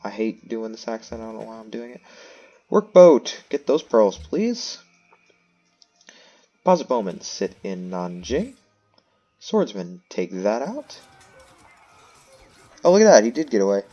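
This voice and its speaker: A man's voice: fairly low pitch, expressive, moderate pace, pauses often, warm tone, dull audio, faint music behind. A man giving casual gameplay commentary, thinking aloud and making self-mocking asides. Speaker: let's play host.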